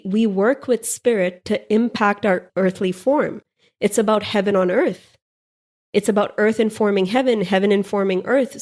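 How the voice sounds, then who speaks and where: A woman's voice: medium pitch, a little mellow. A woman hosting a podcast, giving a playful, irreverent spiritual monologue with frequent laughs. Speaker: podcast host.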